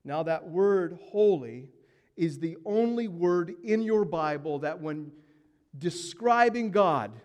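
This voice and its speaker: A man delivers a sermon in a church, his slow and deliberate phrasing swinging from hushed low passages up to loud, emphatic peaks. His voice sits fairly high for a man. The sound carries a long reverb from the large hall. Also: animated. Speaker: preacher.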